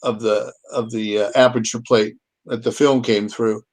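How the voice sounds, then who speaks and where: A man co-hosting a casual live chat, relaxed and explanatory, thinking aloud as he goes. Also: fairly low pitch, normal speed.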